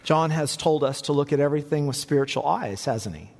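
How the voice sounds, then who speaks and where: A man preaching a sermon as pastor, building to emphatic peaks and dropping low for quiet points. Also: animated, a little fast. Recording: long reverb in a large hall.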